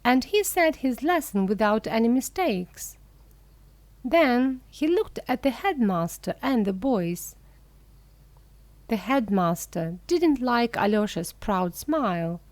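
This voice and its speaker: A woman reading a children's story aloud for English learners, clear, careful and expressive. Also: a little high, slow pace, no echo.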